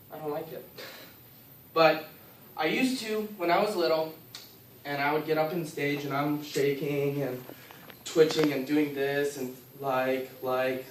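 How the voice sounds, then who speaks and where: A young man giving a class speech, an animated storyteller who acts out his own lines, heard from a far camera in a classroom. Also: fairly high pitch, a little hiss or hum. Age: young adult. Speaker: student speaker. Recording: echoey room from far off.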